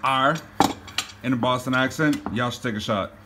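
A man with a middle-pitched voice talks bluntly and cusses casually while helping with a truck job in a garage. Steady garage noise runs under his voice. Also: moderate pace. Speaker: guest. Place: home garage.

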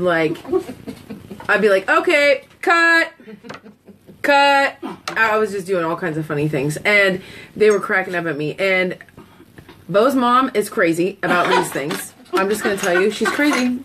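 A woman's voice: mid-range voice, a bit bright, slight background noise, low-quality recording. A talkative woman hosting a live sales stream, telling stories in a casual, chatty way. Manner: talkative, storytelling, giggly asides.

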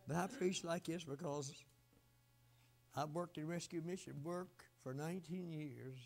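An older male preacher with a gravelly, rough-edged voice pitched a little high. He delivers a fiery revival sermon, hollering some lines and dropping others to a hush. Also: fairly even intonation, a little slow. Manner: swings from shouting to quiet low asides.

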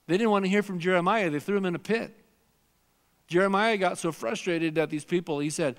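A man with a fairly high voice preaches a sermon in a big church hall, and long reverb trails his words. He is earnest and emphatic, repeating phrases for weight and slipping into heartfelt prayer and quoted scripture. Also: normal speed, pauses often. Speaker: pastor. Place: large church sanctuary.

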